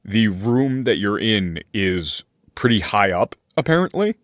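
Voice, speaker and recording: A man with a lowish voice narrates a tabletop game as its game master. He lays out scenes in an unhurried, deliberate way. The sound is dry and close, with no room behind it. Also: sing-song, no room sound. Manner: slow, deliberate scene-setting.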